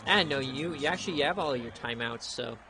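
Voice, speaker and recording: A young man giving laid-back play-by-play commentary on a streamed video game, chatty and prone to excited outbursts. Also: medium pitch, brisk, over music. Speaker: league streamer.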